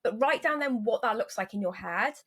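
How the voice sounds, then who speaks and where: A woman's voice: fairly high pitch, expressive, fairly quick, a bit bright, husky. A woman hosting a podcast, giving frank, coaching advice in casual chat. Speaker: podcast host.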